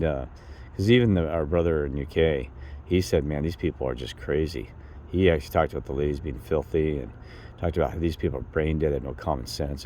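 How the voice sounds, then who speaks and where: A man's voice: low voice, a little mellow, slight background noise. A man talking in a rambling, emotional monologue, often repeating himself and raising his voice to quote people. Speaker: vlogger.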